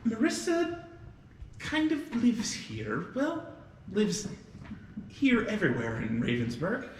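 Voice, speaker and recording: A man doing a flustered high-voiced innkeeper woman. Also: wildly swooping pitch, slow pace, a little hiss or hum, full character voice. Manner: high, fluttery and apologetic. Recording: roomy, distant mic, music behind.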